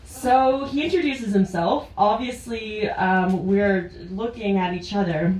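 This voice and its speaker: A woman's voice: mid-range voice, takes it slowly, a little mellow. A woman from Ontario, Canada, telling a true personal story live on stage in a chatty way and often laughing through her words. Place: indoor stage at a small live venue. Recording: roomy, distant live-venue sound.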